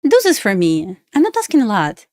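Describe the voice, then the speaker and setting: A woman's voice: mid-range voice, wildly swooping pitch, a little fast, a little mellow, no echo, clean studio sound. A young woman with a Russian accent chatting on a live trading stream, pleading with the chart and laughing often. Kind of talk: casual live-stream chat.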